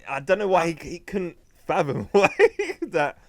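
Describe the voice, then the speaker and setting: A man's voice: a little high, measured pace. A man from England with an English accent, co-hosting a podcast in laid-back casual chat, full of "like" and "you know". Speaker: podcast co-host.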